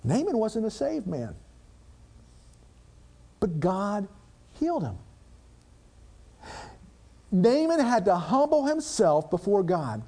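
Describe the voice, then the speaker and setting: A male preacher with a high voice that swoops up and down through his sermon. He reads old scripture aloud, then drops into plain, dramatic commentary, tossing rhetorical questions at his listeners. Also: sing-song, takes it slowly, pauses often, mellow.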